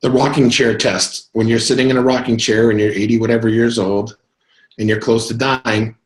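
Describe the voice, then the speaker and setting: A man giving a live sales coaching talk to a group, energetic and rambling, breaking into sudden whoops. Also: medium pitch, normal speed, echoey room.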